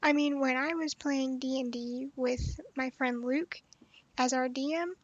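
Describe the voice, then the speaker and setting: Young woman game streamer with a high voice, blunt and animated commentary; dull, dry lo-fi recording. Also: unhurried, no echo. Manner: animated, blunt, swears and laughs often. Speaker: streamer playing a story game. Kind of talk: casual livestream commentary.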